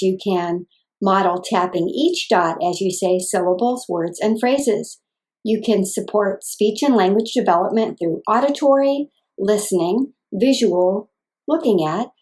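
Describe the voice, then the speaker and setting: A woman speech-language pathologist giving calm, clear, scripted instructions for parents. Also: medium pitch, unhurried.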